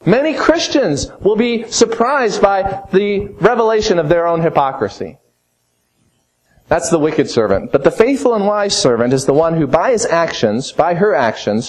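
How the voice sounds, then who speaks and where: A man preaching an expository sermon in a fairly high voice. He is emphatic, pushing some phrases up and out and dropping others low and quiet. He speaks as a pastor walking through a scripture passage. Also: low-quality recording.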